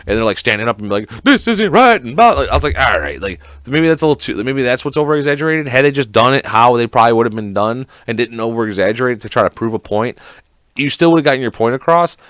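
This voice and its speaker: A man's voice: mid-range voice, expressive, quick pace, fairly bright tone, dry recording. A man hosting a casual solo podcast, rambling and swearing a lot and acting out scenes in quoted voices. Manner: rambling, profane, lots of fillers. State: sick. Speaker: podcast host.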